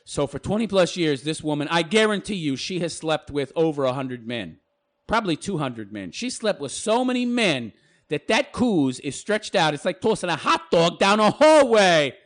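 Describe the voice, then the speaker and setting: A man's voice: on the high side, big pitch swings, moderate pace. Sneering, crude ranting male commentator. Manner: crude, sneering, mocking, swears heavily.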